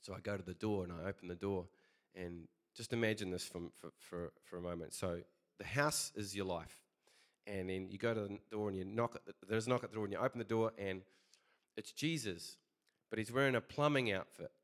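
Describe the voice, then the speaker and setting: A man's voice: lowish voice, brisk. A man preaching a casual sermon, chatty and conversational, telling a story with many fillers.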